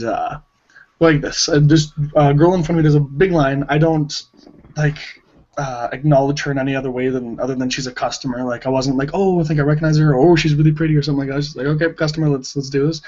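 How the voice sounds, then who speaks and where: A man's voice: mid-range voice, lo-fi sound. A young man eagerly telling a personal story in a casual group chat, acting out the back-and-forth. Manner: excited storyteller, acts out dialogue. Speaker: hangout participant.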